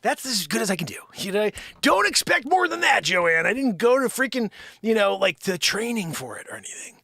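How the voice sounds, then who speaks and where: A man with a high, bright, gravelly voice rambles through an improvised comic monologue. His pitch swings widely as he bickers playfully with someone off-screen. Now and then he sinks into muttered, whispered asides. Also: big pitch swings, brisk, no echo, studio quality. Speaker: live-stream host.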